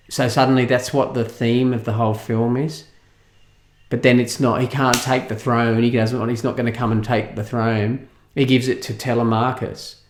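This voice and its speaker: An Australian man delivers a movie review as a rant. His tone is incredulous and exasperated, and he keeps breaking into scoffing laughs. His voice sits at an ordinary middle pitch. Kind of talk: opinionated film review monologue.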